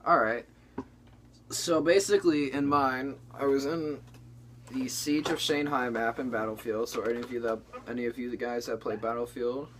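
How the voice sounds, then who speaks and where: A man's voice: medium pitch, a bit bright, slight background noise. A young man hosting a comedy chat, telling a story in a rambling, casual way with lots of restarts. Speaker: comedy channel co-host.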